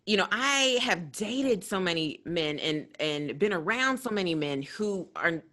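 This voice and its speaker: Young adult woman, podcast co-host, low pitch, bright edge, earnest and animated. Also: a little slow. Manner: earnest, animated storytelling with laughs. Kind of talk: casual chat.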